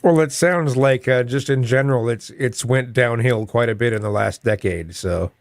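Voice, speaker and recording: A man talking casually on a livestream panel over a video call, halting and repeating words as he searches for them. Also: mid-range voice, creaky, no echo, clean studio sound. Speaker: panel guest.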